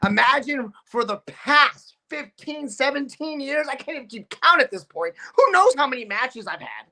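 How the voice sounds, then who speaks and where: A man cutting a boastful wrestling promo as a guest, brash and trash-talking, shifting between rapid-fire and slow, deliberate lines. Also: high-pitched, gravelly, bright, forceful tone.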